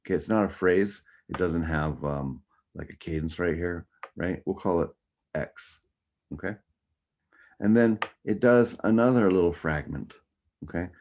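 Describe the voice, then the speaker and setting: A man's voice: sits low, dark tone, a little hiss or hum. A man teaching a music theory lesson in a casual way, humming tunes to show his point. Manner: casual, hums and scats the melodies. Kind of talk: recorded online lecture. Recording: dull lo-fi audio.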